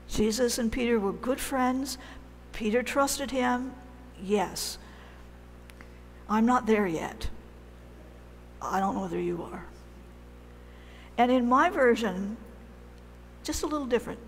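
Woman, sermon, unhurried delivery, conversational storytelling, long church reverb, faint hum. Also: on the high side. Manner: conversational, animated storytelling with pauses. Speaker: preacher.

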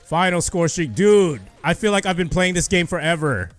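A young man giving excited live commentary over his own gameplay, shouting and cheering when he gets kills. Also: sits high, normal speed, soft background music. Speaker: gaming youtuber.

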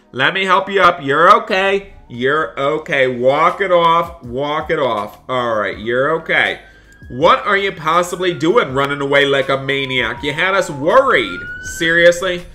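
A man's voice: medium pitch, pushed and bright. A man doing in-character game roleplay commentary as a teacher, exasperated and constantly talking to viewers. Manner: exasperated, keeps addressing viewers as "you guys". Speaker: gaming roleplayer.

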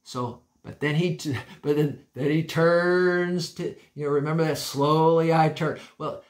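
A man's voice: a little high, measured pace. A male pastor preaching a sermon in a church, emphatic and folksy, repeating key phrases and restarting sentences.

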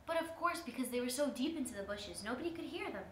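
A woman's voice: high-pitched, animated, quick pace. A woman student telling a folk tale aloud to her class, restarting and stumbling now and then. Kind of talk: storytelling to a class. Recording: echoey room, faint hiss.

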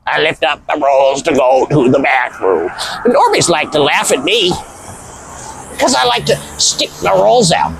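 A man's voice: a little high, creaky, a bit bright, slight background noise, exaggerated voice, poor audio. A man putting on the voice of a lazy, smug male online troll, taunting and sneering.

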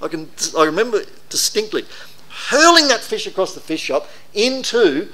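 A middle-aged man preaches a conversational, anecdotal, self-deprecating sermon to a congregation. His voice sits high, pushed and bright, very animated at a normal speed.

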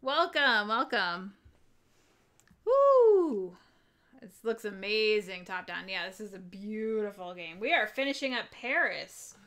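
A woman hosting a casual board game live stream, upbeat and quick to laugh as she cheers and greets viewers. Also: medium pitch, animated, sharp tone.

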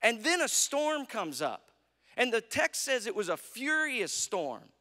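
An American man preaching in a church, telling the story with feeling and often checking in with "right?". His voice sits high and swings widely. It rings with a long reverb from the sanctuary. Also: big pitch swings, unhurried, bright, forceful tone. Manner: storytelling preacher, acts out quotes, asks "right?". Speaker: pastor. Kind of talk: sermon.

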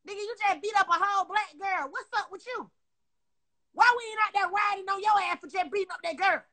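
A woman's voice: extremely high pitch, bright, forceful tone. A woman on a phone livestream, delivering a profane, confrontational rant straight at her critics. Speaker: social media personality. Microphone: phone on a live stream.

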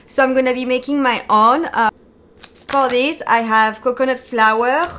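French-accented woman vlogging her cooking, chatty and upbeat, kinda high voice. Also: unhurried, a bit bright, slight background noise. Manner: chatty, upbeat, with frequent ums and uhs. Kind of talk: casual cooking vlog.

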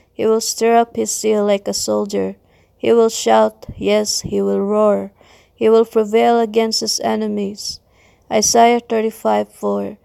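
A woman giving a scripted devotional reading in a slow, measured recitation. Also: mid-range voice, creaky, mellow, dry recording. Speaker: devotional reader.

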